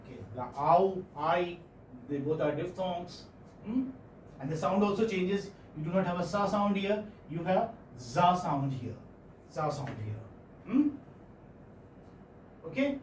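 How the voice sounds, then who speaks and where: This phonetics lecturer is a middle-aged man with an Indian English accent whose high voice has lively intonation and a slightly mellow quality. He speaks a little slowly and pauses often, repeating words and gently coaxing the class with frequent check-ins. The room echoes, the mic is distant, and there's faint noise.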